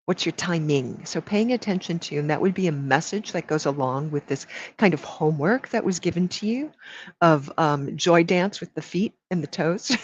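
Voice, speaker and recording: This energy healer speaks in a low, expressive voice at a moderate pace, sounding a little mellow and slightly rough, with no echo. During her live reading she stretches her words and warmly addresses everyone as sweetheart or baby. The recording has a dull, lo-fi quality.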